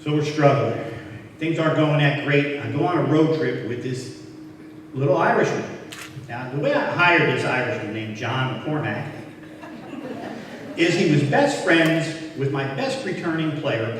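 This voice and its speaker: An older hall of fame inductee speaks with a fairly high, lively voice, a bit slowly and with long pauses, captured at a distance in an echoey hall with slight background noise. His awards speech is all anecdotes and self-mockery as he reenacts old exchanges, voicing the other people involved.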